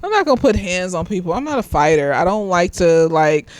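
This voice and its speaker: A slightly tipsy woman, a therapist, reviewing a TV episode in blunt, profane casual talk, laughing often and swinging from loud outbursts to quiet muttering. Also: fairly low pitch, expressive, fairly quick, no echo, poor audio. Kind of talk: casual commentary vlog.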